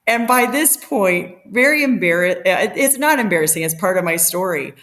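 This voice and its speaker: A middle-aged woman telling a story as a podcast guest, animated and laughing, acting out the quotes. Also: medium pitch, moderate pace, few pauses. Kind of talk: casual storytelling.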